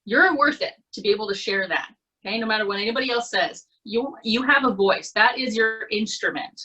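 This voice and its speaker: Bright, husky-voiced Canadian woman coach. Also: on the high side, fairly quick, low-quality recording. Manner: encouraging, conversational, with frequent "okay?" check-ins. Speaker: presentation skills coach. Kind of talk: online workshop talk. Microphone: computer mic on a video call.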